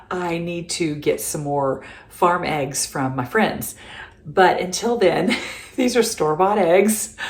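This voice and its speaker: Middle-aged woman, low voice, chatty and affectionate, echoey home kitchen. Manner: chatty and affectionate, laughs often. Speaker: cooking show host. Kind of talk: casual home cooking demonstration.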